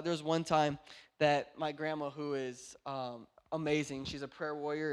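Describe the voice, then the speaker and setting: High-voiced young preacher, hushed to shouting. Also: male voice. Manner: swings from hushed storytelling to loud shouted exhortation. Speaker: pastor. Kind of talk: sermon. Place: indoor church.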